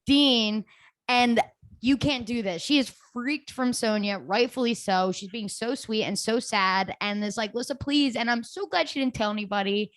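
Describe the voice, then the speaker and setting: A woman co-hosting a casual TV recap podcast, chatty and quick to laugh. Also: on the high side, a bit bright, no room sound. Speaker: podcast co-host. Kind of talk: casual chat.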